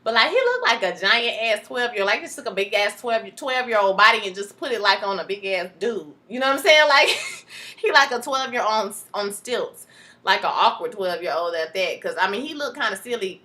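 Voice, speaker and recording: A woman recapping a TV episode in casual chat, animated, acting out the characters' lines as she goes. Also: medium pitch, a little fast. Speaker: TV show recapper.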